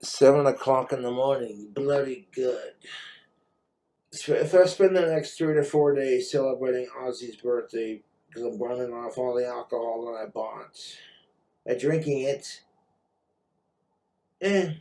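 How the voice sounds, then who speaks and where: A man's voice: mid-range voice, measured pace, long pauses, warm tone. Tipsy male vlogger, rambling profane rant, mid-range voice. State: drinking, tipsy.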